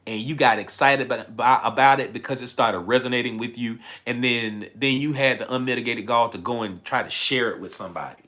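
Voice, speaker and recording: A man's voice: mid-range voice, sharp tone. Southern man giving a motivational talk. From Southern United States. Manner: repeats key lines for emphasis, laughs often, stretches words slowly. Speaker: motivational spiritual speaker. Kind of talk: live-streamed motivational talk.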